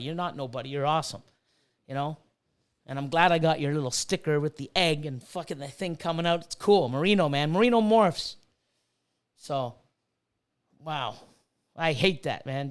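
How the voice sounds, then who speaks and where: Middle-aged man, higher-pitched voice, heated and profane casual stream rant. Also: clean tone. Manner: profane, heated, repetitive ranting. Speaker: livestream host and reptile breeder.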